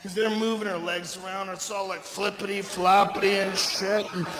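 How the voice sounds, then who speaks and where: A man doing a stand-up comedy routine on a theater stage, telling a profane story loudly and with big shouted punchlines. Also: high-pitched, flat delivery, normal speed. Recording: roomy live theater sound with audience noise.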